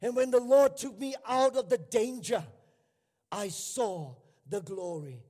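A man preaching a sermon to a church, building to fervent shouting, in a large hall with long reverb. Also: very high-pitched, a little slow. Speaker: pastor.

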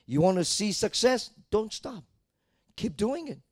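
A male pastor preaching a sermon, telling personal stories and building from quiet talk to loud, repeated exhortations. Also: high voice, big pitch swings, a little slow, husky, dry recording, studio quality. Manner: tells personal stories and addresses the congregation directly.

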